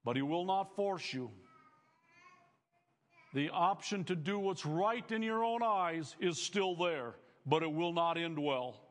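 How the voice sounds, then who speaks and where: A man's voice: fairly high pitch, expressive, takes it slowly, long reverb tail. A male pastor preaching a sermon to students, earnest and emphatic, building phrases up as he speaks.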